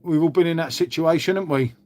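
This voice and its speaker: Glum sweary man, slightly high voice. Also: fast talker, a little mellow. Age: older. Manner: glum, swears often, addresses viewers as mate. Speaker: channel host. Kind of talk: casual live chat to viewers.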